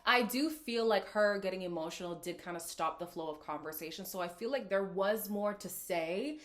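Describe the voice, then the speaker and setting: A woman's voice: mid-range voice, normal speed. Sassy woman recapping reality TV. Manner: sassy, laughing, talks straight to viewers. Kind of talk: casual reaction commentary.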